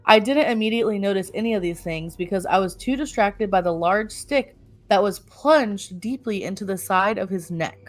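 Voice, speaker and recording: Woman podcast co-host, mid-pitch, reads stories aloud casually with laughing asides. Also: normal speed. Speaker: podcast co-host reading a story.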